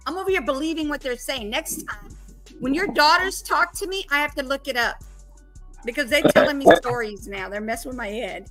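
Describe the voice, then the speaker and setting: A middle-aged woman from Louisiana with a Southern accent, chatting warmly and laughing easily on a live stream video call. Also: high voice, animated, brisk, music in the background, low-quality recording. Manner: warm, laughing, easily surprised. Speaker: livestream host. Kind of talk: casual live-stream chat.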